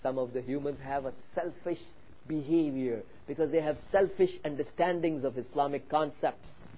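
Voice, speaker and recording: Persian-speaking guy preaching in english, bit high voice, gets loud then goes soft. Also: moderate pace, low-quality recording. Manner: impassioned, swells loud on key points then drops low for storytelling. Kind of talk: sermon.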